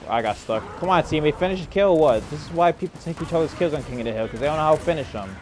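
A man's voice: on the high side, animated, very fast, a little hiss or hum. Young man muttering frustrated gameplay commentary. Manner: frustrated, self-deprecating, swears and mutters at teammates; mumbled, trailing asides with bursts of shouting. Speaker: gaming YouTuber.

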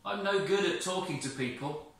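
A man's voice: sits high, moderate pace, vocal fry, pitched above the performer's own voice. A man voicing a shy, timid old male shepherd who speaks anxiously and pleadingly, recorded from a distance in a very echoey space.

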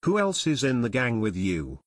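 A firm, commanding teenage boy sleuth, read by a man. The voice moves lively through its range in a dry, close recording. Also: mid-range voice, normal speed, dry recording. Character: steady teen boy detective giving orders.

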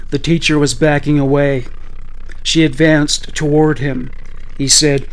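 A man reading a scripted true-crime story in a measured, blunt manner with occasional profanity. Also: fairly high pitch, level tone. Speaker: narrator.

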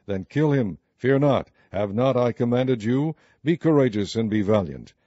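Male narrator, dark, mellow tone, measured scripture reading, dry and slightly dull audio. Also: mid-range voice, dry recording. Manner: steady, measured King James reading.

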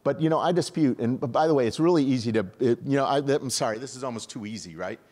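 An older man from upstate New York giving an animated, conversational conference talk, often restarting his sentences. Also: medium pitch, quick pace. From upstate New York, USA. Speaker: conference speaker.

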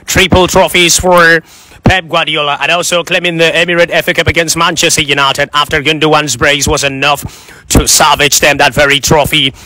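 Nigerian man, punchy mock football commentator, dry close sound, sits a bit high. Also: dry recording. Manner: rapid, excitable, sing-song commentary.

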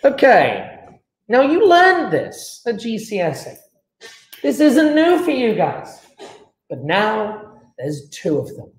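A man's voice: high voice, wildly swooping pitch, slow pace, pauses often, roomy sound, poor audio. A man teaching a chemistry class online, chatty and teasing with his students.

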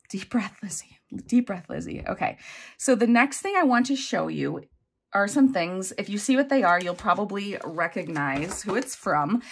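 A woman vlogger talks casually to her viewers while opening mail. She is effusive and chatty, exclaiming often. Her pitch sits in an ordinary middle range for a woman. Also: fairly bright tone. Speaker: budgeting vlogger. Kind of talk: casual chat unboxing happy mail.

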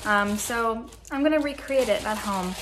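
A woman's voice: on the high side, moderate pace, noisy background. A young woman in her twenties, a law student and vlogger, talking to camera in a chatty, playfully dramatic way. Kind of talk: casual vlog chat to camera.

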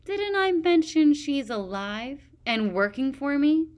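A woman's voice: sits high, animated, slow, a little mellow, voice pushed up. A woman voicing a vain, cruel female dragon queen who talks in a bored, mocking, imperious way.

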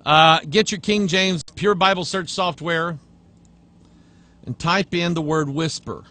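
A man preaching in a fairly high voice, reading passages aloud and then rebutting them with force. He drops to a low, hushed tone when he wants to drive a point home. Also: steady tone, unhurried. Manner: emphatic, drops to a low hush for contrast. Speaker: pastor. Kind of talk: preaching sermon commentary.

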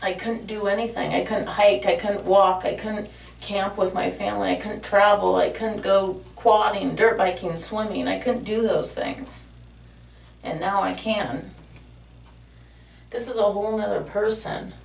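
A woman's voice: mid-range voice, fairly even intonation, unhurried, gravelly, distant mic, a little hiss or hum. A woman talking to her viewers in a casual vlog from her bathroom, emotional and heartfelt. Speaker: vlogger. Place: home bathroom. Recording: echoey room, voice a bit off-mic.

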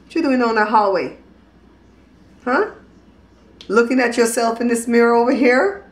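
A woman's voice: fairly high pitch, moderate pace, roomy sound. A woman hosting a casual home vlog, outspoken and teasing as she talks to the camera. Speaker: vlog host. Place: at home in a hallway.

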